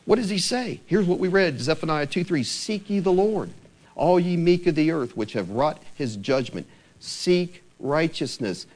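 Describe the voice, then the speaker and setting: A man preaching in a church sanctuary, his voice fairly high and swinging widely in pitch. He asks the congregation rhetorical questions and drops lower and slower to read scripture. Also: a little mellow. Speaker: pastor. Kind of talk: sermon.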